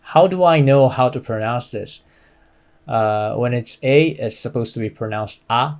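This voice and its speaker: A man's voice: mid-range voice, unhurried, a little mellow. A man teaching a beginner language lesson, explaining patiently with many fillers and modeling phrases for the listener to repeat.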